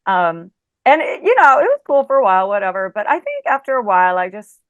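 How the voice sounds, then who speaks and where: A woman's voice: medium pitch, huge pitch swings, fast talker, clean tone, no echo, muffled recording. A middle-aged woman, an interview guest, telling a story in casual chat with plenty of "like" and "you know" and acting out the lines she quotes. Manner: chatty, lots of fillers like "like" and "you know".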